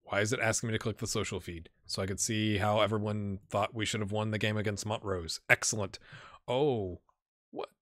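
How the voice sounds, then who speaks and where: A man chats his way through a live game stream, musing aloud as he clicks through menus. His voice is bright and forward, and the sound is dry and close, with no room behind it. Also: on the low side, fairly even intonation, a little fast, no room sound. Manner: chatty, talks to himself while playing. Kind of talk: casual live-stream commentary.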